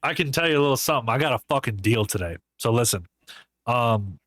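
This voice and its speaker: A man's voice: mid-range voice, fast, no echo. A man co-hosting a podcast in casual chat, telling crude jokes and stories and laughing often. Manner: crude joking, laughs often, animated storytelling. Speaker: podcast co-host.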